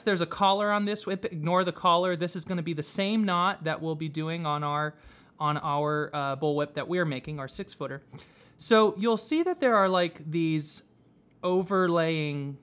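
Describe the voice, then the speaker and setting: Male craft instructor, unhurried, patient, chatty step-by-step delivery. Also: a little high, a bit bright. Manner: slow, patient step-by-step explaining with fillers. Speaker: whipmaking instructor. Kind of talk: hands-on craft tutorial. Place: workshop.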